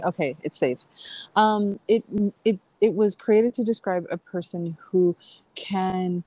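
A woman's voice: medium pitch, measured pace, dark tone, no echo, rough recording. A middle-aged woman chatting as a podcast guest, rambling through stories with fillers and restarts. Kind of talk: casual podcast conversation.

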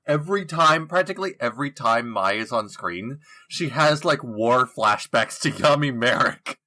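A man co-hosting a podcast, voicing blunt opinions in casual chat with halting restarts. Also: medium pitch, lively intonation, sharp tone. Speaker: podcast co-host.

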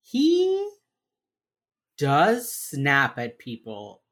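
A woman's voice: deep voice, wildly swooping pitch, very slow. A woman co-hosting a casual chat, animatedly acting out lines from a TV show and swearing freely. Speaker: podcast co-host recapping a TV crime drama.

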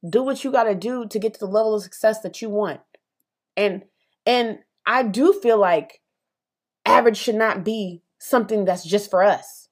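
Speaking at normal speed in a mid-range voice, this young woman delivers a solo podcast monologue full of her opinions. She's emphatic and passionate, chatting along with many fillers and side comments.

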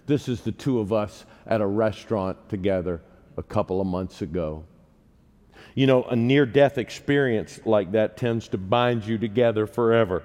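A man's voice: on the low side, big pitch swings, a little slow. A man in his sixties delivering a sermon in a church, telling personal stories with humor and poking fun at himself. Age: 60s. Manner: humorous, self-deprecating storyteller. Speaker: preacher. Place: church sanctuary. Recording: long reverb of a large hall.

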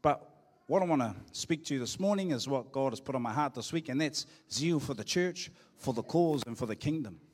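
A man's voice: mid-range voice, expressive, brisk, breathy edge. A middle-aged man with a New Zealand accent, preaching a live sermon in a large church and joking with the congregation. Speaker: pastor. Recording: long hall reverb.

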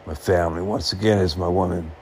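A man talking earnestly to the camera in short, halting phrases, reflecting on happiness. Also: sits low, steady tone, darkish tone, slight background noise.

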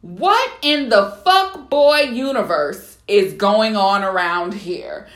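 A young adult woman hosting a solo podcast, telling a story in an animated, outraged, profane way. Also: medium pitch, slow pace, echoey room. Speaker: podcast host.

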